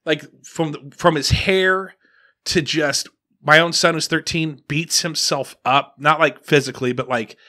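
Podcast guy rambling thru a story, kinda high bright voice, lots of restarts. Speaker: podcast host. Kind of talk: casual chat.

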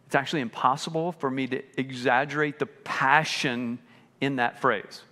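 A pastor preaching a sermon with lively delivery, acting out the voices of people he quotes. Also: medium pitch, moderate pace, big-room sound. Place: church sanctuary.

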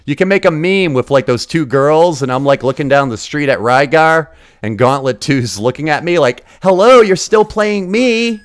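A man in his forties with a Boston accent, rambling and cursing as he streams retro games. His voice sits at an average pitch and is picked up close by a desk mic. The sound is dry, with almost no room echo. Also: normal speed, hardly any pauses, clean tone. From Massachusetts. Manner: profane, rambling and excitable. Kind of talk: casual gaming livestream chat.

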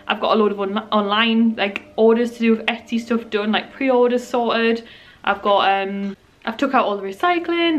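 A young woman, talking casually to her camera at home in a rambling, chatty way. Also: mid-range voice. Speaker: vlogger. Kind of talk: casual home vlog chat. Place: at home, indoors.

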